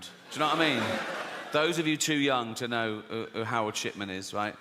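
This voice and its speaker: A man's voice: mid-range voice, fairly bright tone. A middle-aged man performing a stand-up set, brash and sweary, ranting at the crowd. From England. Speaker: stand-up comedian. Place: large theatre stage. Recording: live hall reverb with audience noise.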